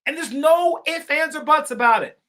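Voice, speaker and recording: A man's voice: very high voice, moderate pace. Fervent man speaking straight to viewers. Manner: fervent, repetitive, swings between shouting and quiet asides; addresses viewers directly as y'all and folks. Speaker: live-stream political commentator. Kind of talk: impassioned live-stream talk, reading viewer comments.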